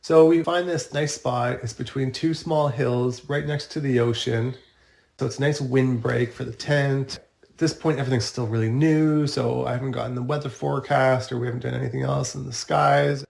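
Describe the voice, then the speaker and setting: A man from Canada recounts a camping night as a podcast guest, easygoing and matter-of-fact. His voice has a gravelly fry to it at a middle pitch. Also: steady tone, normal speed, a little mellow. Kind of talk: casual storytelling in a podcast interview.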